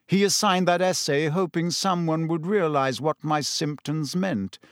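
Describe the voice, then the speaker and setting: Man voicing a calm, weary male teacher. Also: a little high, dry recording, studio quality, close to an everyday voice. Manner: calm, measured, gently patient.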